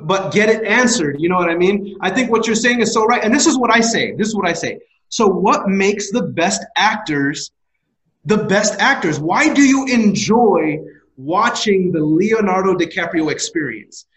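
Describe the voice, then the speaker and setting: A man's voice: sits high, lively intonation, moderate pace, fairly bright tone, echoey room, rough recording. A man in casual podcast conversation who talks emphatically and eagerly, often repeating his words.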